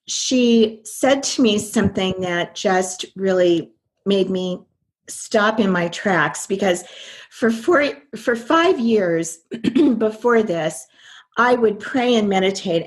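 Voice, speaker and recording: A woman's voice: medium pitch, expressive, a little slow. An older American woman, a guest on an interview show, telling her personal story in an earnest, reflective way. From American Midwest. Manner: earnest, reflective, speeds up when recalling inner dialogue.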